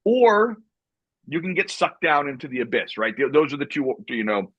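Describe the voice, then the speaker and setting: A man's voice: a little high, big pitch swings, normal speed, husky, no room sound, highs cut off. A man in his fifties from the United States, a podcast guest talking candidly and reflectively, often repeating words and tagging sentences with "right?". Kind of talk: candid conversational interview.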